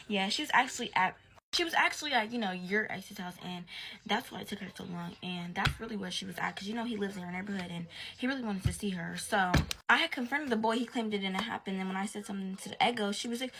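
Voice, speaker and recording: A woman's voice: medium pitch, quick pace, noisy background. Young woman telling a slangy storytime. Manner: slangy and profane, drops to a whisper at times. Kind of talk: casual storytime.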